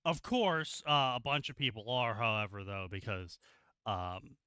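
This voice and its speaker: Bright, lively man in sarcastic commentary. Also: fairly low pitch, a little slow, smooth, dry recording. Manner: sarcastic, rambling, crude. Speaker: co-host reading fanfiction aloud. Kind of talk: casual livestream commentary.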